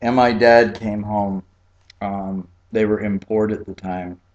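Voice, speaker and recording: A man from Key West, Florida telling a childhood story in a relaxed, chatty way, with frequent fillers and laughs. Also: lowish voice, slow pace, lo-fi sound, slight background noise. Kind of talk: personal storytelling.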